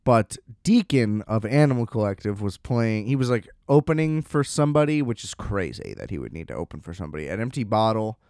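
A man's voice: on the low side, very animated, brisk, hardly any pauses, a little mellow, dry recording, studio quality. A man casually telling a rambling, self-deprecating story, often laughing at himself.

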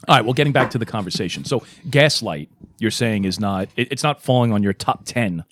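A man's voice: lowish voice, animated, brisk, slight background noise. A man co-hosting a podcast in casual, rambling, profane chat, sarcastic and loose. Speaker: podcast co-host.

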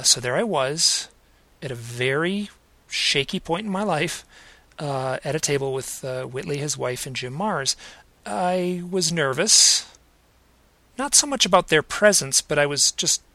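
A middle-aged man hosting a podcast, introducing an episode in a measured, cautious way with many hesitations and restarts. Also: mid-range voice, gravelly, pushed and bright, dry recording. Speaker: podcast host. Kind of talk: reflective spoken introduction.

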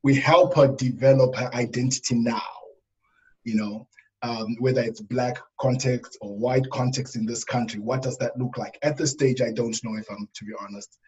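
A middle-aged man from Africa speaking thoughtfully in a panel discussion, pausing with fillers. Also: medium pitch, steady tone, a little mellow, dull audio. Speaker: panel guest. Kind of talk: casual discussion.

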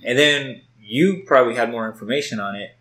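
A man's voice: medium pitch, animated, fairly quick, bright, forceful tone, rough recording. A man in casual podcast chat, telling a story loosely and with swearing, recorded at home on a test mic. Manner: loose, profane storytelling with lots of "like". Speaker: podcast co-host.

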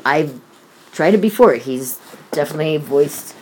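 With a deep, slightly mellow voice and lively intonation, a middle-aged woman speaks at normal speed about her son. The conversation is heated and emotional; she curses freely and imitates others' voices, with slight background noise audible.

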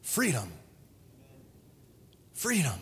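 Middle-aged male pastor, high animated voice, emotional pulpit delivery, church hall reverb. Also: extremely slow. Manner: emotional, swings from shouting to hushed. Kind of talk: sermon. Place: church sanctuary.

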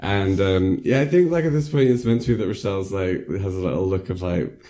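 A man's voice: deep voice, brisk, warm tone. A man rambling casually through a film recap, full of likes and ums. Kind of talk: casual chat.

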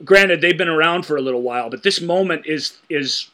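Male podcast co-host, bright tone, casual storytelling recap. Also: a little high, brisk. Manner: laughing, storytelling. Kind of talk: casual chat recapping a TV episode.

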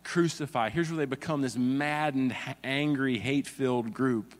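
Pastor preaching, earnest, reads scripture, long hall echo. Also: male voice, mid-range voice, fairly even intonation, normal speed. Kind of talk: sermon.

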